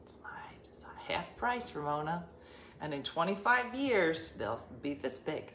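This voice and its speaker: A middle-aged woman telling a rambling personal story to her viewers, acting out the dialogue in changing voices and sometimes dropping to a whisper. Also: low voice. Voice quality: chatty, animated, acts out dialogue in shifting voices and whispers. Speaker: vlogger. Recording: echoey room with faint background noise.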